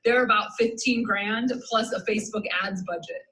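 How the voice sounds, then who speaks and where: A woman with a Southern US accent giving an energetic live business-coaching talk, emphatic and repetitive, laughing often. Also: on the high side, moderate pace, reverberant, rough recording.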